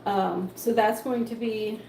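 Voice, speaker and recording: A woman's voice: mid-range voice, steady tone, unhurried, creaky, dark tone. A young woman hosting a home cooking livestream, chatting with lots of laughs and ums, with baby-talk praise for her dogs. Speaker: livestream host. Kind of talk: casual chat while cooking. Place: home kitchen. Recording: echoey kitchen with faint background noise.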